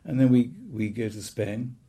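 Gravelly older man telling wartime memories. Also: mid-range voice, fairly even intonation, normal speed, mellow. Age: 80s. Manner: wry anecdotal storytelling. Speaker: speaker recounting his childhood. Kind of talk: reminiscing talk.

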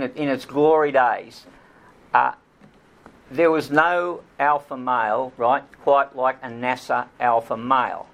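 A man's voice: mid-range voice, vocal fry, a bit bright, a little hiss or hum. A middle-aged man, an author giving a talk, telling a story with many ums and restarts.

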